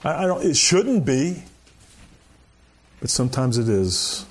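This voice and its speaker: A man's voice: medium pitch, very animated, takes it slowly, slightly rough. A man preaching a sermon in a conversational, folksy way, often saying "you know" and chuckling. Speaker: pastor.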